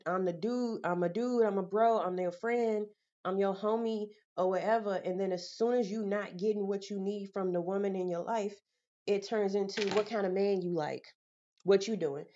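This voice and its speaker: A woman's voice: mid-range voice, fairly even intonation, normal speed, dark tone. A young woman vlogging, venting bluntly and with exasperation, full of casual slang. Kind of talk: candid vlog monologue. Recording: slightly dull lo-fi audio.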